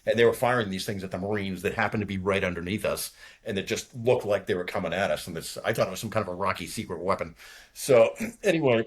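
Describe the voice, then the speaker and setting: A man's voice: low voice, fast talker, fairly bright tone. A man in his sixties from outside Boston, a retired fighter pilot telling war stories in casual, profane talk and acting out radio calls. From outside Boston, USA. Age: 60s. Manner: profane, laughing storyteller who acts out radio calls.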